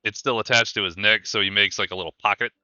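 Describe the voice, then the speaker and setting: A man's voice: on the low side, steady tone, fast talker, bright, forceful tone, no echo, lo-fi sound. A man running a tabletop game as game master, narrating scenes in rambling descriptions. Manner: rambling descriptions, many fillers.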